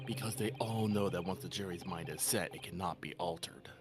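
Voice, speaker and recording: A man voicing a haughty, cold British prosecutor in a video game, speaking slowly and with contempt. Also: low-pitched, music in the background, lightly acted. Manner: slow, contemptuous, drawn-out delivery. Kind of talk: video game voice dub on stream.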